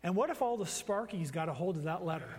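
A man preaching in a church, his fairly high voice carrying a long hall reverb. He talks in a conversational, animated way, slipping into playful storytelling asides. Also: fast talker. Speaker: pastor. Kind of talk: sermon. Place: church sanctuary.

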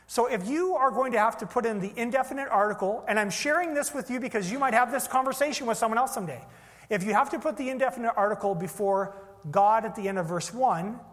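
A man's voice: sits high, a bit bright. A man preaching a teaching sermon, explaining points step by step with frequent fillers. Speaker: pastor. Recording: long hall reverb.

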